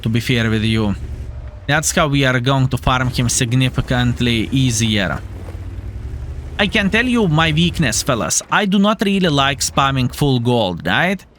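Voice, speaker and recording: A man's voice: medium pitch, fairly bright tone, a little hiss or hum. A young man giving playful, jokey live commentary on his tank battle, calling his viewers fellas. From Lithuania. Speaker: gaming streamer.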